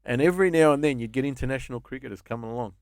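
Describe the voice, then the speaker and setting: A quick-talking Australian man in his fifties tells loose, profane stories as a guest on a casual podcast. His pitch sits in the middle range. The recording is dry and close, with no room sound. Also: dry recording. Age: 50s. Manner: swearing, rambling storyteller. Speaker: guest comedian.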